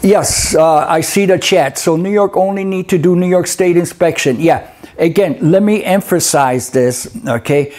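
A man's voice: high-pitched, moderate pace, darkish tone. A middle-aged man giving a live webinar lecture on truck inspections, folksy and conversational, often checking in with "okay?" and "eh?". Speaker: instructor.

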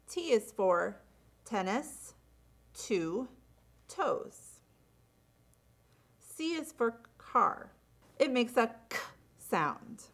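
Slow, lively-pitched woman teaching phonics. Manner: clearly enunciated, drawn-out letter sounds. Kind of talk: slow, deliberate phonics instruction.

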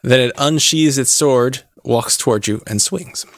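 Deadpan gravelly guy dm-ing a tabletop game, lots of uhs, dry close mic. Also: medium pitch, measured pace, no room sound. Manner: dry, deadpan, hesitant with fillers. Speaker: game master.

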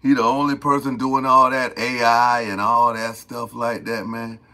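He's a livestream host whose mid-range voice barely moves in pitch, delivered at normal speed in a pushed, bright way. His casual talk is full of loose slang, and he calls out chatters by name.

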